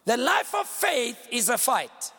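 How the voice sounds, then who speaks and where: A male pastor delivering a fiery sermon, often shouting and calling on the congregation to answer back. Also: extremely high pitch, big pitch swings, slow pace, in a large hall. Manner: fiery preaching with shouted call-and-response.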